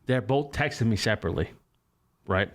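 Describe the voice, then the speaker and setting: A man's voice: lowish voice, lively intonation, fairly quick. A young man casually telling a rambling, profane story in a chat with friends.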